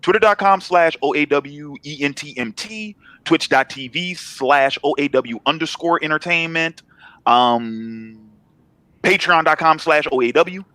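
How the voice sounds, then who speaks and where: A laid-back man in his thirties speaks as an interview guest, his voice sitting a touch high for a man. He talks in slangy, looping phrases that circle back on themselves. The sound is dry and close, with no room echo. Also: measured pace, bright, forceful tone. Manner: laid-back, slangy, repeats himself when building a point. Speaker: guest, comic writer. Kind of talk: casual interview chat.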